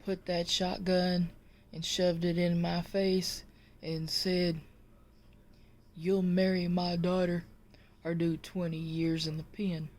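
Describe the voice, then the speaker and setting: Teary, solemn husband, told by a woman in her own low voice; slow. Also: little pitch movement, a little mellow. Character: weepy middle-aged husband, secretly resentful.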